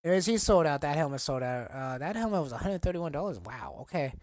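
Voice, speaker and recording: A man in a casual collecting vlog, talking haltingly and getting choked up, rambling with many fillers. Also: medium pitch, big pitch swings, darkish tone, no echo, clean studio sound. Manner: halting, emotional, choked up at times. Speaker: collector vlogger.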